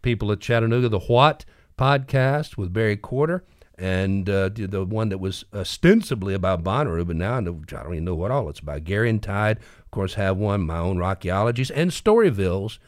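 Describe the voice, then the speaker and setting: A male podcast host, telling a story and reading a local news roundup in a folksy, animated way, laughing often. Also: on the low side, brisk, no echo, studio quality.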